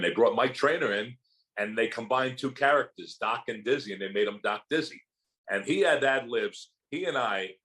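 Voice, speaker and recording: An older man tells stories as an interview guest, his voice sitting a little low. He talks in a loose, animated way and slips into quick impressions of the people in his tales. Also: low-quality recording. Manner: animated anecdotes, acting out quotes from others. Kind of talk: storytelling in a casual interview.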